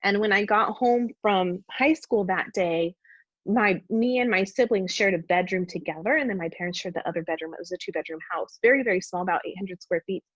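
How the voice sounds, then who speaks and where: Woman guest, husky, heartfelt testimony, dull dry podcast sound. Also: medium pitch, fairly quick, a bit bright, dry recording. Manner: earnest, heartfelt storytelling. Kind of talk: personal testimony in conversation.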